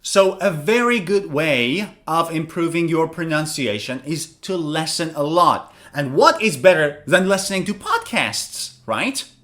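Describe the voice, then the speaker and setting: Lively male pronunciation teacher. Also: a little high, unhurried, few pauses. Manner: explains with rhetorical questions and answers them. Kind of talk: scripted lesson to camera.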